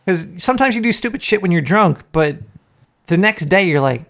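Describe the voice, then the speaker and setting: Gravelly-voiced young man, rambling. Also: sits high, animated, a little fast, fairly bright tone. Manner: rambling, laughs often, swears. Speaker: podcast co-host. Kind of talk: casual chat.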